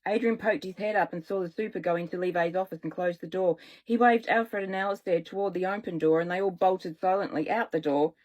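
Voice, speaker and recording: A woman's voice: lowish voice, fairly quick, hardly any pauses, rough recording. Woman reading her own story aloud. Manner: relaxed, self-correcting. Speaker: children's author.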